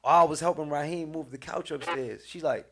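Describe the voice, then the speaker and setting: Man, slightly high voice, profane laughing storyteller, casual podcast chat. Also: brisk. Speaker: podcast guest. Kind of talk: casual smoke-session chat.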